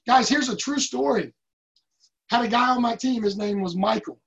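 A man's voice: very high voice, normal speed, gravelly, fairly bright tone. A man leading a sales team, giving an emphatic motivational talk and telling stories with acted-out quotes. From United States. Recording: dull lo-fi recording.

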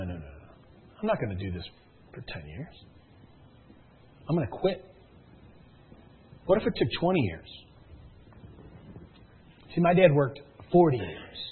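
At a sales meeting, a man addresses a live room with a motivational speech, repeating himself emphatically and telling stories to drive his listeners, his intensity swelling and dropping. His voice is fairly high and slightly rough. The recording has a thin, phone-like quality.

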